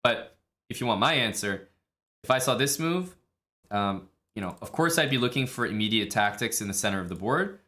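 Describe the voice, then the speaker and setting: A man's voice: on the low side, animated, a little fast, sharp tone. A man streaming live and talking through chess lines in casual commentary, blunt and profane, acting out his own thoughts and laughing at odd moves.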